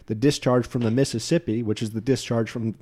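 A man's voice: medium pitch, fairly even intonation, a little fast, darkish tone. A young man from New Jersey hosting a podcast in casual chat, rambling and restarting words as he goes. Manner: rambling, self-interrupting with repeated words. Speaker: podcast host.

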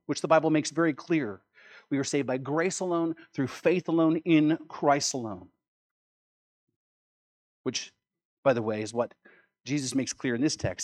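A man preaching a sermon as pastor, emphatic, repeating key words and asking rhetorical questions. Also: mid-range voice.

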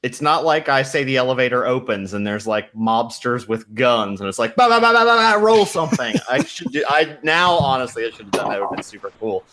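A man's voice: mid-range voice, brisk, hardly any pauses. A man running a tabletop game as game master, chatting casually and joking at his own expense. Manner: animated, joking, self-mocking.

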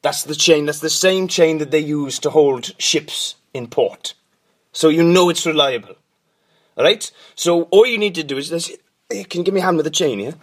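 Guy as a nutty cobbler showing off his work, kinda high voice, salesy. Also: normal speed, natural voice. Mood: proud. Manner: salesman patter, pointing things out. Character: eccentric pushy male cobbler, proud and defensive. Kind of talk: comedy sketch acting.

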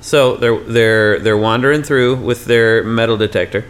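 A man's voice: mid-range voice, moderate pace, few pauses, smooth. A man hosting a podcast, improvising a story in a rambling, playful way with sound effects. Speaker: podcast host.

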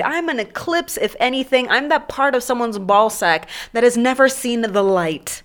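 A woman hosting a podcast in a blunt, sassy, profane casual monologue. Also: on the high side. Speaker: podcast host.

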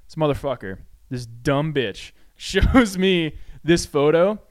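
Smooth-voiced man telling profane stories. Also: a little high, slow pace. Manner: profane, animated anecdote-telling with many fillers. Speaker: podcast co-host. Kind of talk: casual storytelling. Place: home studio.

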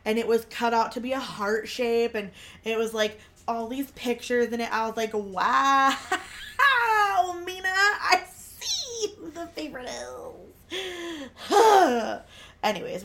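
A woman's voice: mid-range voice, a little fast, gravelly, a little hiss or hum. A woman hosting a podcast, telling a family story in casual chat full of filler words. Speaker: podcast host.

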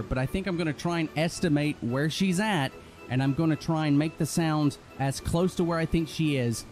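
A man's voice: fairly high pitch, darkish tone. A man playing a tabletop game, thinking aloud hesitantly as he plans his move. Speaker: player. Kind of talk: casual tabletop game talk.

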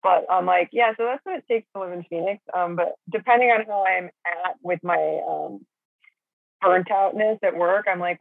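A woman's voice: lowish voice, moderate pace, gravelly, no room sound. A middle-aged woman chatting casually as a caller, swearing and rambling with lots of fillers. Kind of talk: casual chat. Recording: phone line.

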